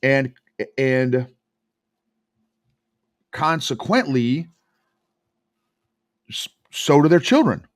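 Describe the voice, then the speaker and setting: A man's voice: mid-range voice, drawn-out words, long pauses, no room sound, clean studio sound. A man who coaches emotional intelligence, telling stories emphatically in a podcast interview. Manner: emphatic, animated storytelling.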